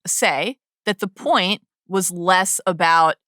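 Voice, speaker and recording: A playful woman co-hosts a podcast, tossing in jokey asides and laughing easily. Her voice is bright and sits slightly low. She sounds dry and close to the mic. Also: slow, dry recording. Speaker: podcast co-host. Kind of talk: casual chat.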